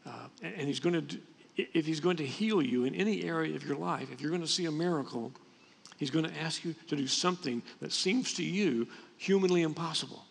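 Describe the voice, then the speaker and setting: A man's voice: a little high, a little fast, gravelly, slightly rough. A man preaching a sermon as pastor, in a conversational way with frequent restarts. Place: church sanctuary. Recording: long reverb from a church hall.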